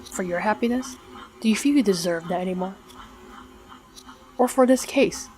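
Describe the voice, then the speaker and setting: A woman voices a grieving young woman's ghost, accusing and sorrowful, in a voice of middling pitch. Game music plays clearly behind the lines. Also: normal speed, a little mellow, lightly acted. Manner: reads game dialogue aloud, plainly.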